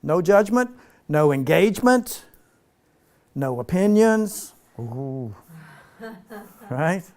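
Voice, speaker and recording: A man leading an informal spiritual teaching for a small group, relaxed and playful, slowing down for emphasis. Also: on the high side. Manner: relaxed, playful, laughs often, slows for emphasis.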